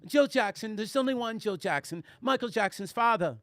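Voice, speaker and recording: 男性が演じるヨーロッパ訛りの若い女性モデル。息まじりで熱っぽく、はしゃいだ口調。声は高めで明るく響き、乾いた近い音で録られている。. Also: male voice, high-pitched, expressive, moderate pace, fairly bright tone, dry recording, clean studio sound. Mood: gushing. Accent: European. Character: gushing young European woman model.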